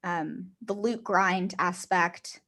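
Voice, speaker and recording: A woman's voice: fairly low pitch, slow, bright, forceful tone. A woman co-hosting a podcast in casual chat, talking her ideas through and laughing between points. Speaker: podcast co-host.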